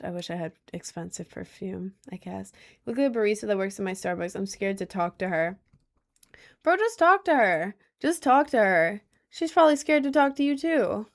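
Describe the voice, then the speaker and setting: A woman's voice: medium pitch, vocal fry. A young woman casually chatting on a livestream at home, answering chat in slangy, rambling talk. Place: indoors at home, seated in a chair.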